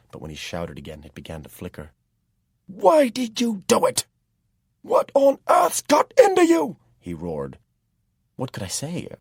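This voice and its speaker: A man with a very deep, slightly husky voice narrates a first-person fantasy story in steady, measured tones. The recording is dry and close, with no room sound. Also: no room sound. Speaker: audiobook narrator.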